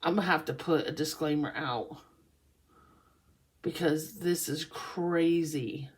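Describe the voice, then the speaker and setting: Slow-talking woman reading tarot cards. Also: sits low, husky. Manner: laughing, amused, chatty. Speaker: tarot reader.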